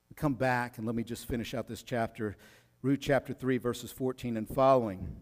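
A man's voice: mid-range voice, fairly even intonation, moderate pace. Casual preaching man in a reverberant hall. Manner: casual preaching with slang, acts out voices. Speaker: pastor. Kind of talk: sermon.

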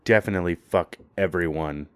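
A man's voice: deep voice, fairly quick, clear, resonant tone, no room sound, studio quality. A man in casual chat, laid-back, mostly giving short agreeing replies. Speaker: podcast co-host.

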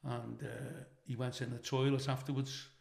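A man's voice: mid-range voice, level tone, normal speed, gravelly, a little mellow. A middle-aged man, a comedian telling stories as a guest, swearing freely and laughing along as he talks. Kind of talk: anecdotal storytelling. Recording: roomy echo.

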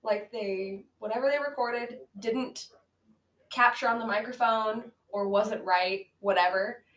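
A woman with a fairly high, fairly bright voice speaks unhurriedly while co-hosting a casual movie-review podcast. She recaps a bad film with sarcasm, laughing often and swearing, in an echoey room with amateur audio.

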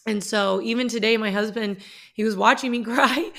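A woman's voice: fairly high pitch, moderate pace, gravelly, a bit bright. A woman who teaches middle school, talking about her faith in a personal vlog, earnest and heartfelt, often restarting her sentences.

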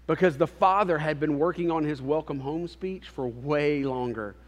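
Man, pastor, sermon, animated storytelling, slightly high voice, long hall reverb. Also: moderate pace.

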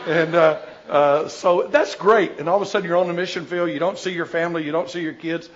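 Older man telling stories with a rambling, jokey warmth. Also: fairly high pitch, fairly quick, dull audio. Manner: animated anecdotal storyteller, jokey, rambling with restarts. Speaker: missionary answering audience questions. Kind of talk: informal Q&A talk with storytelling.

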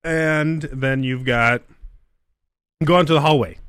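A man's voice: fairly high pitch, takes it slowly, fairly bright tone, clear, resonant tone, no echo, studio quality. A man hosting a casual podcast, ranting about a game with constant profanity and mockery. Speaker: podcast host. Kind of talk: crude casual podcast chat.

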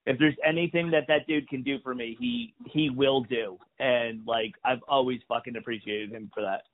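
This New York comedian, appearing as a guest, tells a long, profane story in relaxed chat, animatedly acting out quoted lines. His mid-range voice is gravelly and moderately paced, and the recording sounds lo-fi, like a phone.

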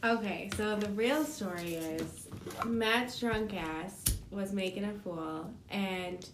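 Young woman, podcast co-host, matter-of-fact and teasing, echoey room, clear background noise. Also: medium pitch, slow. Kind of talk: casual chat.

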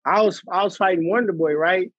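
A man's voice: high-pitched, a little fast, dry recording, lo-fi sound. A man in his thirties, a guest on a casual chat show, telling stories with acted-out quotes and frequent laughs. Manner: animated storyteller, acts out quotes, laughs often. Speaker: guest, pro fighter.

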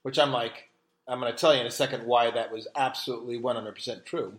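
Speaking fast in a steady, medium-pitched voice, a podcast co-host chats casually and tells stories. He's a rambling storyteller who restarts often.

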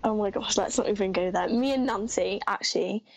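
A woman's voice: medium pitch, a little fast, gravelly, over a noisy crowd, poor audio. Chatty British teen girl. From Great Britain. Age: teens. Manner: chatty, says "like" a lot, laughs easily. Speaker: interview guest. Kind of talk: casual interview chat.

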